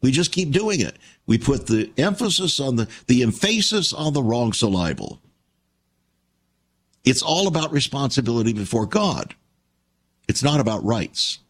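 A man's voice: mid-range voice, lively intonation, moderate pace, slightly rough. A man preaching a radio sermon, reading scripture aloud with strong emphasis and calling listeners his friends, then appealing for donations as the ministry's host.

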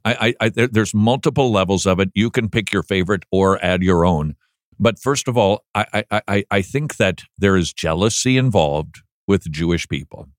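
A man hosting a casual talk show, playful and teasing, with animated asides. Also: low-pitched, normal speed, dry recording, clean studio sound. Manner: playful, mocks flat reading with droning voice. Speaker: podcast host. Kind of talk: casual chat.

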